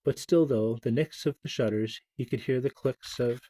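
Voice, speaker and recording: A man reading a classic children's story aloud, gentle and expressive, with small stumbles. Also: medium pitch, moderate pace.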